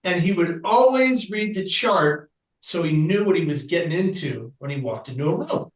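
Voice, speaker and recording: A man telling a personal story as a podcast guest, animated and acting out the people he quotes. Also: on the high side, normal speed, roomy sound, recorded from a distance, low-quality recording.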